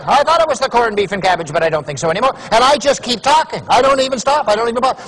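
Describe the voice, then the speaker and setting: A man's voice: very high-pitched, rapid-fire, hardly any pauses. A middle-aged man from Canada giving a humorous keynote talk, telling stories and acting out the voices of other people. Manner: animated storytelling, acts out voices. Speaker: motivational speaker.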